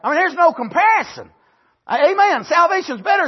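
A man preaching a fervent sermon, swinging between loud shouted lines and low asides, with frequent amens. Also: big pitch swings, normal speed, lo-fi sound.

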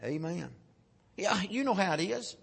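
Husky-voiced preacher. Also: male voice, lively intonation, unhurried. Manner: swings from loud shouting peaks to low quiet asides, folksy. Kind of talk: sermon.

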